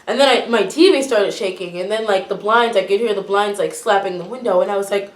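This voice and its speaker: A young American woman from Florida chatting with her roommates, telling a story with lively, shrieking acted-out quotes. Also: mid-range voice, fairly quick, reverberant, a little hiss or hum. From Florida, USA. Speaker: vlogger. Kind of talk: casual chat, mukbang.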